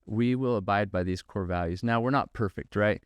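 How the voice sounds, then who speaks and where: A middle-aged man speaks in a low, smooth, resonant voice, earnest and measured. He builds his points through preacherly repetition. The sound is dry and close. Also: no echo. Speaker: podcast host and company founder. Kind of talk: reflective faith-based monologue.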